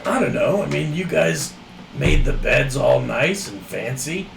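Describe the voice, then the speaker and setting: A young man with a gravelly edge chatting loosely as a player, his voice jumping around in pitch. He is picked up from a distance in a roomy space, with clear background noise. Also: expressive, unhurried. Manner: laughing, easygoing banter. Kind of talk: casual chat at a game table.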